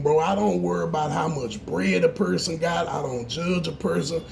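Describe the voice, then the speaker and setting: A man's voice: fairly high pitch, moderate pace, vocal fry, few pauses, slight background noise. A man, an auto shop owner, giving a blunt, profane morning talk to camera that grows heated.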